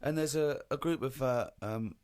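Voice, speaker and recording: A man's voice: mid-range voice, normal speed, a little mellow, clear, resonant tone. An English man in his forties on a casual comedy podcast, telling a story in a wry, sarcastic way. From England. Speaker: co-host.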